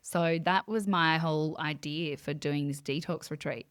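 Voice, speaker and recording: A woman guest on a conversational podcast, telling a personal story in an animated way and acting out her own quoted thoughts. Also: low-pitched, moderate pace, smooth, dry recording, clean studio sound. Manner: many fillers and restarts. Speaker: guest, psychic medium. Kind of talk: casual interview storytelling.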